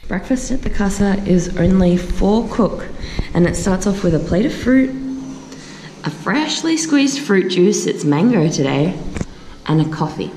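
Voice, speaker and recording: A woman's voice: medium pitch, animated, a little slow, warm tone, a little hiss or hum, rough recording. A young woman chatting casually to camera as a travel vlogger, giggly and self-mocking. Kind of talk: casual vlog chat to camera.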